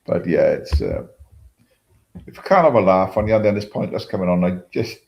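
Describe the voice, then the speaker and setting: A man's voice: sits low, animated, moderate pace, gravelly, dull audio. Man chatting on a livestream. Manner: rambling, swears often, chuckles between remarks. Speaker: livestream host. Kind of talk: casual chat reading live comments.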